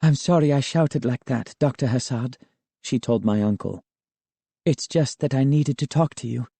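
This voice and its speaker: A man's voice: medium pitch, normal speed, creaky, warm tone, breathy edge, no echo. A man voicing a young woman reporter who speaks eagerly and politely in a storybook reading.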